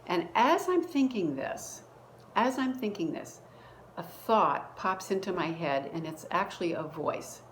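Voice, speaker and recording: Low-voiced woman telling a faith story. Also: lively intonation, a little slow, slight background noise, low-quality recording. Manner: earnest storytelling with many restarts. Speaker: church member sharing a testimony. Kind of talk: personal faith story, conversational. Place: at home, dining room.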